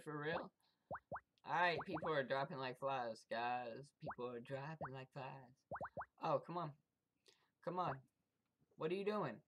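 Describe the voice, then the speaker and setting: A let's-play commentator with a bright, sharp-edged voice, taunting enemies and cursing freely. Startled moments bring sudden yelps. Underneath there is a faint hiss of background noise. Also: medium pitch. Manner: excitable, profane trash talk with sudden yelps; taunts the game's enemies directly. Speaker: gameplay commentator.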